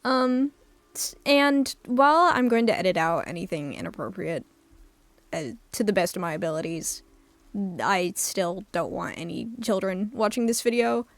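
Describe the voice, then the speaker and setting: A woman's voice: mid-range voice, animated, moderate pace, no echo. A woman casually commenting while she plays a story game, laughing often and swearing freely. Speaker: gamer reading a visual novel aloud. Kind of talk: casual let's-play commentary.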